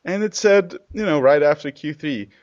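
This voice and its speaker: A man co-hosting a podcast in casual chat, jokey and quick to laugh, swearing freely. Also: a little high, animated, darkish tone. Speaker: podcast co-host. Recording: dull lo-fi sound.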